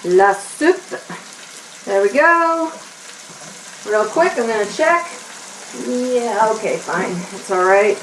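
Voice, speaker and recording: Chatty woman cooking, slow and roomy. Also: on the high side, fairly bright tone, far from the mic, a little hiss or hum. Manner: chatty, talks to herself while stirring. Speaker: cooking show host. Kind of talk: casual cooking demonstration for kids. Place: home kitchen. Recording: roomy kitchen, mic set back. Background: onions sizzling in a pan.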